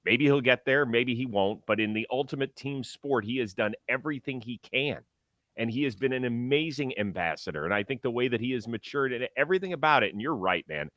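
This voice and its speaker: A man's voice: medium pitch, lively intonation, a little fast, fairly bright tone, dry recording. A man hosting a sports talk show, chatting about baseball in an enthusiastic, joking way and reading ads. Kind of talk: casual sports talk and ad read.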